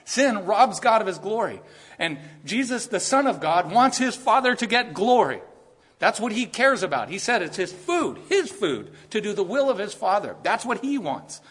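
A man's voice: high voice, big pitch swings, moderate pace, fairly bright tone, breathy edge. A man preaching a sermon in an earnest, conversational way, rising to emphatic points. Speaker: pastor.

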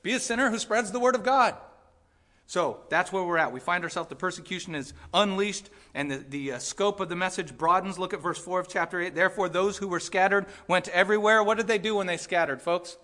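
A man's voice: sits high, a little fast, bright, forceful tone. A male pastor preaching a conversational, emphatic sermon to his congregation, repeating his points and adding casual asides. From California.

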